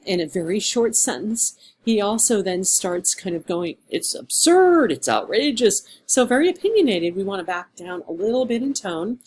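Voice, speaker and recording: Low-voiced woman giving essay feedback. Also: a little mellow, a little hiss or hum. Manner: conversational, lightly sarcastic, thinks aloud with fillers. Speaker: writing instructor. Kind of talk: screen-recorded essay feedback walkthrough.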